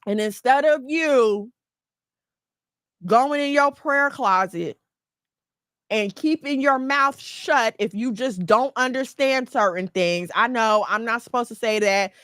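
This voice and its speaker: Woman host, preachy and emphatic, high voice, dry close sound. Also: slow, smooth, no echo. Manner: emphatic and preachy, lively storytelling. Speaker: podcast host. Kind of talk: casual advice talk.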